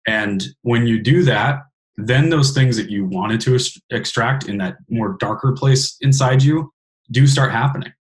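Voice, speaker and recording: A man's voice: mid-range voice, unhurried. A man hosting a podcast in casual interview chat, earnest and frank, swearing casually. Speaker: podcast host.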